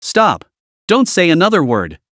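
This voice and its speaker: A man playing a cold, imposing young hero who speaks slowly and cuttingly, stressing each word. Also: on the high side, wildly swooping pitch, fairly bright tone, no room sound, clean studio sound, full character voice.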